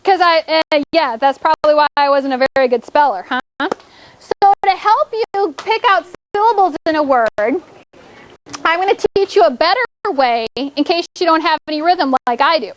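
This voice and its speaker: Woman, elementary teacher, very high voice, encouraging classroom delivery, checks in constantly. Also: animated, moderate pace. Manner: encouraging, checks in with "okay?" often. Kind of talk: classroom spelling lesson.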